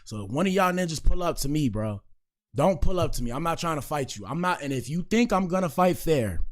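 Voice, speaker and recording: A man's voice: fairly high pitch, lively intonation, fairly quick. A man in his twenties talking casually to his stream viewers in loose slangy banter as he reacts to clips. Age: 20s.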